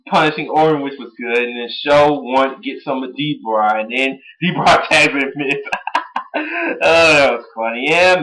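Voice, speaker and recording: A man giving a casual recap of a wrestling show as an excitable fan, chatty and full of fillers. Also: medium pitch, low-quality recording. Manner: excitable, bursts into shouting and laughter, chatty with fillers.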